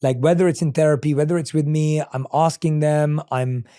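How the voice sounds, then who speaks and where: Mellow-voiced man hosting a podcast. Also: a little high, steady tone, fairly quick, clean tone. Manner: reflective, asks long framed questions. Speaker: podcast host. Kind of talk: podcast interview.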